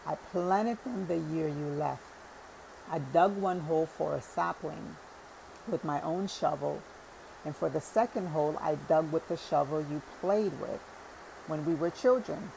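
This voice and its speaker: A woman's voice: deep voice, a little slow, creaky, dark tone, slight background noise, rough recording. A woman reading the part of an eager, hospitable old man who fusses over his guest and keeps apologizing. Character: eager, fussing cheerful old man, younger brother.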